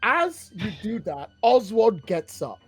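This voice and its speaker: Animated, husky male game master. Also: high-pitched, slow pace, faint music behind. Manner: animated, casual, rambling with fillers. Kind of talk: narrating a tabletop game.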